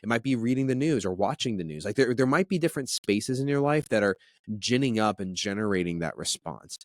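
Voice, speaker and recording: A man in his thirties talks as a podcast guest, earnest and animated, tripping into restarts as he shares a story. His voice sits fairly low, and the recording is dry and close with no room sound. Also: fairly quick, dry recording. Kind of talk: conversational storytelling.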